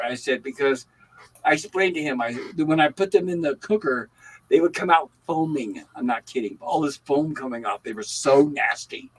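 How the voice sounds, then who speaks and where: An older man hosting a livestream, chatting casually and telling animated stories. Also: fairly high pitch, moderate pace, husky, poor audio. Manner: animated storytelling. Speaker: livestream host. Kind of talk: casual chat.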